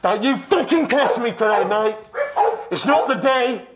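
A menacing male Yeti with a London accent, as a man puts him on for a comedy podcast. He talks in a high voice that leaps up and down wildly, swearing and calling everyone mate. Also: expressive, measured pace, very noisy. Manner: threatening, swearing, calls people mate. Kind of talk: improvised comedy podcast bit.

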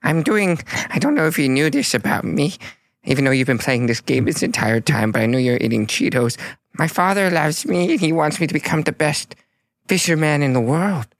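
A man's voice: a little high, animated, no room sound. Guy playing a nervous little gnome fisher, stumbly and unsure, voice jumps around a lot. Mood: wistful. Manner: halting, rambling and unsure. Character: timid young male gnome fisherman.

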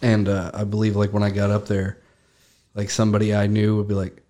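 A man's voice: on the low side, completely flat delivery, a little fast, warm tone. A young adult man hosting a podcast, chatting casually and joking with a friend, often laughing. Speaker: podcast host. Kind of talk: casual chat.

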